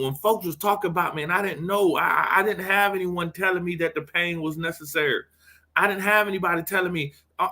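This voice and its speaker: A man's voice: high-pitched, vocal fry, pushed and bright. A man leading a live motivational sermon with affirmations, fervent and exhorting, often repeating words. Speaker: motivational preacher.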